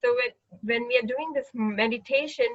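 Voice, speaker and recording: A woman leading a mantra meditation class over a video call, eager and warm-hearted, often restarting her sentences. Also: fairly high pitch, normal speed. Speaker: meditation leader. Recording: muffled lo-fi video call audio.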